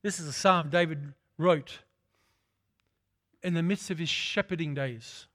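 A man's voice: fairly high pitch, measured pace, fairly bright tone, no echo, studio quality. A man preaching a sermon, repeating phrases for emphasis and calling out to his congregation.

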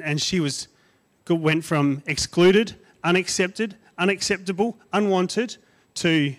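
A man gives a sermon as a guest speaker in a conversational way, his mid-range voice rising and growing loud on emphatic lists, then dropping quiet on asides.

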